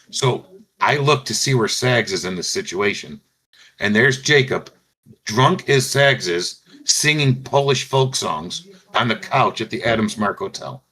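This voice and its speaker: A man's voice: medium pitch, moderate pace, bright, forceful tone. Man telling rowdy road stories. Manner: rambling anecdotes, laughs often. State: recovering from surgery. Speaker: show host. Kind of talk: casual storytelling chat.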